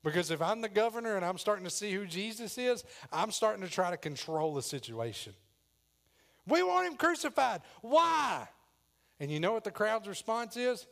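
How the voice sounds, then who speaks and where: A man's voice: sits high, animated, fairly quick, few pauses. A man preaching a sermon, dramatic as he acts out the voices in the story. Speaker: pastor.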